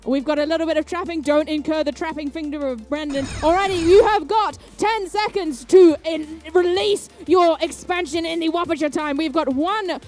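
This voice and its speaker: A woman's voice: very high-pitched, moderate pace, hardly any pauses, a little mellow, faint music behind. A young woman commentating a live robotics match, bubbly and chatty with playful asides. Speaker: event commentator.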